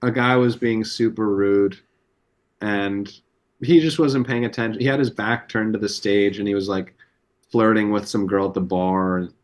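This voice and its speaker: A man with a somewhat low voice tells stories as a comedy podcast guest. He rambles casually, swears freely and leans on fillers between beats. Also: fairly even intonation, normal speed. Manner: loose, profane storytelling with many fillers. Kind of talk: casual anecdote telling.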